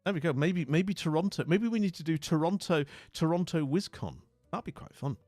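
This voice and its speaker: A man's voice: fairly high pitch, fairly quick, darkish tone, dry recording. Chatty man streaming over faint music. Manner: rambling, chatty, lots of fillers and restarts. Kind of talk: casual chat with viewers' comments.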